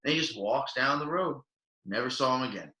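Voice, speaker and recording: A man's voice: medium pitch, a little fast. A young man telling rambling stories in casual podcast chat, full of fillers and acted-out quotes. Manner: rambling, filler-heavy, animated quoting. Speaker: podcast co-host. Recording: echoey room.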